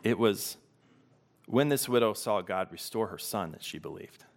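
A man preaching a sermon as pastor, reflective and unhurried, pausing to let questions sink in. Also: fairly low pitch, animated.

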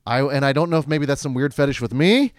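A man's voice: medium pitch, fast talker, no echo. A man co-hosting a casual film discussion, analytical and full of film references.

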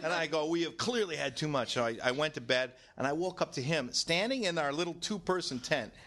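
A man co-hosting a comedy chat, telling crude stories loudly with laughs. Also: a little high, lively intonation, a little fast. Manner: crude, loud storytelling with laughs. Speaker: podcast co-host.

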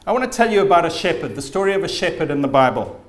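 A man's voice: a little high, big pitch swings, very fast, reverberant. A man preaching a sermon as pastor, telling stories vividly and with emphasis.

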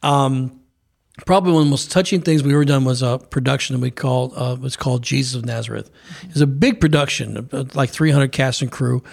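A man's voice: mid-range voice, brisk, gravelly, darkish tone. A man preaching on a broadcast program, speaking fervently with frequent restarts. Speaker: preacher and co-host.

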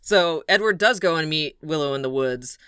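A man's voice: on the high side, lively intonation, moderate pace, bright, forceful tone, clear, resonant tone, no echo, clean studio sound. A man chatting casually with friends, recapping a film's plot, laughing often and swearing casually. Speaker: podcast co-host recapping a film. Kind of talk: casual chat.

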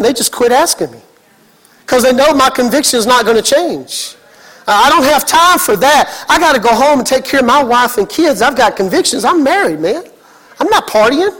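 A middle-aged man preaches with big, emphatic energy, cracking jokes and climbing to shouts. His voice sits unusually high for a man, bright and lifting at every push. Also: brisk. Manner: animated, emphatic, joking, builds to shouting. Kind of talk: energetic sermon.

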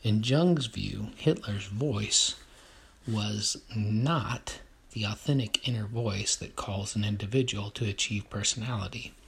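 A man with a low, gravelly voice and a very breathy, husky tone reads a text aloud at a measured pace. Between passages he comments on it, hesitant and full of fillers. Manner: measured reading, then hesitant remarks with many fillers.

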